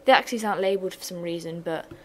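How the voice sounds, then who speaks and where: A woman's voice: fairly low pitch, fast, a bit bright, a little hiss or hum, poor audio. A young woman giving an economics revision lesson, explaining steadily with chatty, self-deprecating asides. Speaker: revision tutor.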